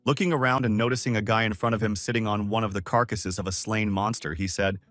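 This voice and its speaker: A man narrating a story recap from a script in a steady storytelling manner. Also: on the low side, fast talker, few pauses, dry recording. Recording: dry close voice over soft music.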